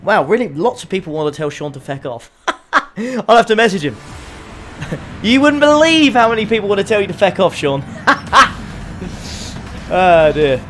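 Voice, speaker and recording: Excitable man streaming a race. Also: sits high, brisk, long pauses, a little hiss or hum. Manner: excitable, laughs often, chats to viewers. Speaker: sim racing streamer. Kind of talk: live-streamed race commentary.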